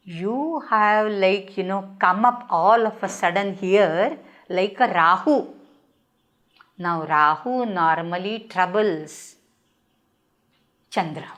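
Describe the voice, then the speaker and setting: A woman's voice: slow pace, pauses often. An older woman with an Indian accent, a Sanskrit professor giving a lecture, reciting verses and explaining them in English with frequent fillers. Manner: acts out characters' lines with rising pitch.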